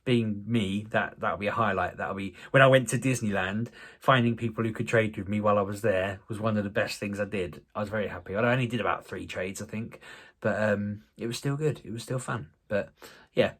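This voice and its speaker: A man's voice: on the low side, fairly quick, a bit bright. A man, talking casually to camera in a rambling, self-deprecating way with many restarts. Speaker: vlogger. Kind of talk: casual vlog talk to camera.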